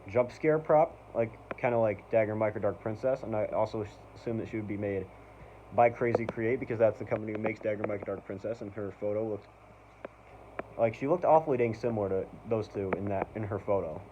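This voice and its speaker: A channel host with a fairly low voice rambles quickly through a casual review vlog, peppering his talk with "like," "um" and "basically" like an eager, enthusiastic fan. The recording is dull and lo-fi, with a noisy background.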